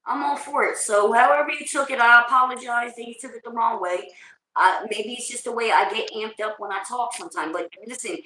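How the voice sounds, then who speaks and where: A woman with a New Jersey accent hosting a casual livestream, loud, big-voiced and hyped, talking straight from emotion. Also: fairly high pitch, brisk, roomy sound, a little hiss or hum, rough recording. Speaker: livestream host.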